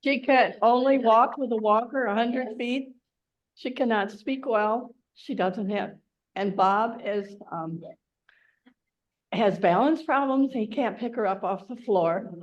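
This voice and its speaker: A woman with a slightly high voice talks at a group meeting. She is chatty and sympathetic as she passes on news about members. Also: unhurried, highs cut off. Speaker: member giving updates on ill members. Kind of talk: casual meeting talk.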